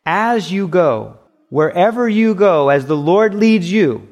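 A man's voice: on the high side, gravelly. A man preaching a sermon as pastor, emphatic and repetitive, with acted asides.

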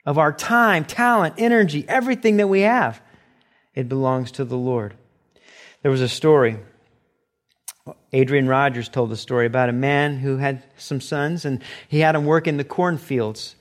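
A middle-aged man preaching a sermon as pastor, animated, sometimes acting out short quoted exchanges. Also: a little high.

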